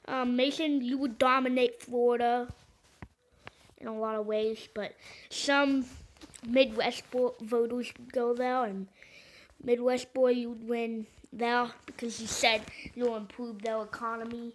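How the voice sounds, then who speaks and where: A woman's voice: a little high, steady tone, slow, long pauses, slight background noise, poor audio. A woman chatting casually over an election map, rambling and hesitant with lots of fillers and joking asides. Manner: joking, self-deprecating asides. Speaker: video creator.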